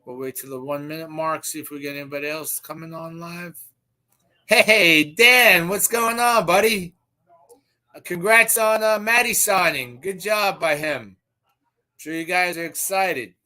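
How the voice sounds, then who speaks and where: A man hosting a live stream with a hoarse, recovering voice, chatting casually and greeting viewers by name with boisterous shouts. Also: fairly high pitch, unhurried. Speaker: live stream show host.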